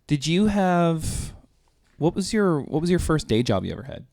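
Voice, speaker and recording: A man's voice: fairly high pitch, very animated, moderate pace, creaky, a little mellow, no room sound. A man hosting a podcast interview, easygoing and curious, asking follow-up questions. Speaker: podcast host.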